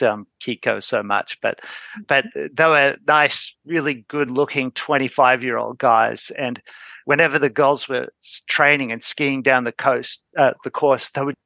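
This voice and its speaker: Bright-voiced middle-aged man telling a story. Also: mid-range voice, gravelly, no room sound. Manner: relaxed anecdote telling, hesitant ums. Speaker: parent of the guest. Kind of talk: casual storytelling.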